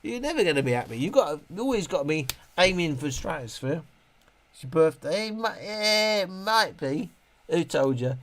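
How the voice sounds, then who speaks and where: Man, rambling livestream host, joking, moaning, slightly high voice. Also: sing-song, normal speed, a bit bright, a little hiss or hum. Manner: rambling, joking, moaning with frequent laughs and swearing. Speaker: livestream host reviewing speakers. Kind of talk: casual livestream chat.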